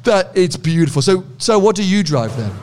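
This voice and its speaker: A man's voice: high voice, sing-song, moderate pace, darkish tone. A British man hosting a podcast, chatting with car owners, teasing and laughing often. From United Kingdom. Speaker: podcast host. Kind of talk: casual interview at a car meet.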